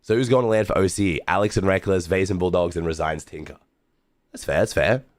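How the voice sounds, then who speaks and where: A young Australian man streaming, hoarse and rough-voiced, chatting casually with his viewers and swearing easily as he watches a match. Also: sits low, brisk, dry recording, studio quality. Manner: laid-back, swears casually, talks to chat. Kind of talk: casual livestream watch-along commentary.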